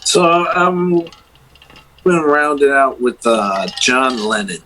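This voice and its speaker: A man's voice: medium pitch, animated, takes it slowly, bright, forceful tone, slight background noise, low-quality recording. A man co-hosting a casual podcast, laid-back and teasing the others. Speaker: podcast co-host. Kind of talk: casual comedic banter.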